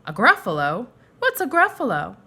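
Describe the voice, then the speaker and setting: A woman's voice: on the high side, huge pitch swings, normal speed, pushed and bright, pitched above the performer's own voice, exaggerated voice. A woman voicing a sly, hungry male fox in a storybook read-aloud. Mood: coaxing.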